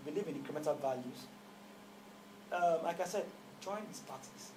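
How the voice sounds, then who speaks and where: A man's voice: fairly high pitch, normal speed, background noise. A man with a Nigerian accent, a guest speaking emphatically and asking rhetorical questions in his office. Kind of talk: conversational interview.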